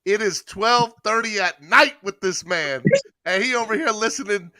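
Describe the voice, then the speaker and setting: A man hosting a sports podcast in casual chat, animated, laughing often and repeating his words. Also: sits high, moderate pace, no echo. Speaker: podcast host.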